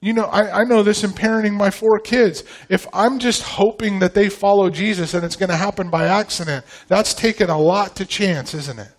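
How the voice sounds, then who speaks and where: A pastor in his forties delivers a sermon in a notably high-pitched male voice. He preaches with emphasis and keeps putting rhetorical questions to the congregation. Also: normal speed, few pauses.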